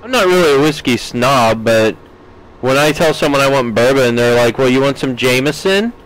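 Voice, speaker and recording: Playing a farming game on stream, this male gaming streamer talks casually with viewers, reads out their chat messages and replies with plenty of laughter. He speaks at a moderate pace in an animated, mid-range voice with a fairly bright tone, captured in a low-quality recording.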